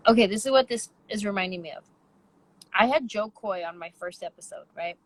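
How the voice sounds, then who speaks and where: A woman in her thirties hosting a podcast, telling a story in casual chat with emphatic, animated delivery. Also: mid-range voice, a little fast, poor audio. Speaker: podcast host.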